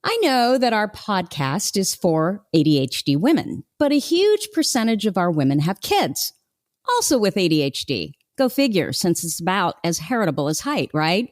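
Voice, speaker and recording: The recording is dry and studio-clean as this podcast host, a woman in her forties, keeps a casual interview chat going with frequent laughter. Her mid-range voice swings widely in pitch at a moderate pace.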